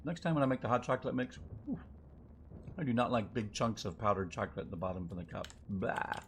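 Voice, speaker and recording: A man's voice: on the low side, fast talker, slight background noise. A man streaming a game live, chatting and thinking aloud in a loose, rambling way as he plays. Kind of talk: live gameplay commentary.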